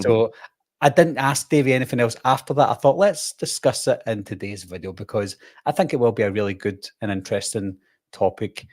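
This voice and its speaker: A man hosts a relaxed live-stream chat. He talks in a chatty, rambling way, doubling back on himself and laughing easily. His voice sits at an ordinary middle pitch. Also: brisk. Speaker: host.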